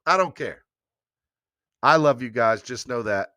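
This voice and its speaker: A man's voice: unhurried, no echo, clean studio sound. A man from New York hosting a sports podcast, energetically repeating promos and calls to sign up. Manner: energetic, repetitive hype-man pitching.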